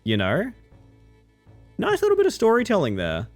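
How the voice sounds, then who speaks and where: A man streaming a game live, chatting with his viewers, excitable, swearing and yelping at every surprise. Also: high-pitched, moderate pace, faint music behind. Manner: chats with viewers.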